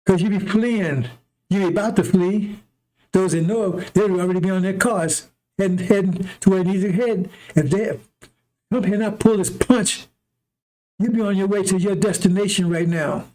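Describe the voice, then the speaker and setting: A man delivering an impassioned sermon with a delivery. His voice sits a little high for a man, and he repeats himself for emphasis and breaks into short laughs. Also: fairly even intonation, moderate pace, warm tone. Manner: repetitive, emphatic, chuckling asides. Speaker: preacher. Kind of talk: impassioned street-style sermon.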